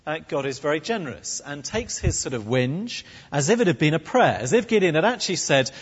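Wry, lively preacher. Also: male voice, on the high side, a little fast, husky. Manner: animated, wry, with comic put-on voices. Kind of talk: sermon with humorous asides. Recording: dull recording in echoey hall.

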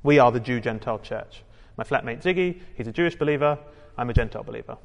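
A man's voice: medium pitch, fast talker, vocal fry, long reverb tail. A British man preaching a sermon in a chatty, joking way, talking to the congregation. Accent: British English. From United Kingdom. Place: church hall with a congregation.

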